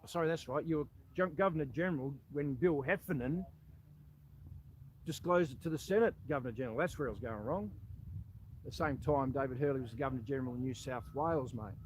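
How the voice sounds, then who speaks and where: An Australian man, an army veteran, giving a blunt, earnest monologue aimed at an official, with loud appeals that sink to low asides. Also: fast, a little hiss or hum, poor audio. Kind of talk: impassioned monologue addressed to an official.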